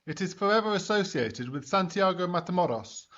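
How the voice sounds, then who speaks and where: A man's voice: sits high, lively intonation, a little fast, a bit bright, dull audio. A man presenting a history explainer, narrating in a dry, skeptical manner between comic exchanges.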